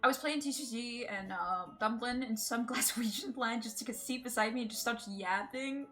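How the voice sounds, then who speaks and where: Slightly high-pitched and bright, with a forceful edge, this woman speaks at a normal speed over quiet background music. She's from Scotland, her accent somewhere between Glasgow and Edinburgh, and she curses liberally and laughs often while gaming live.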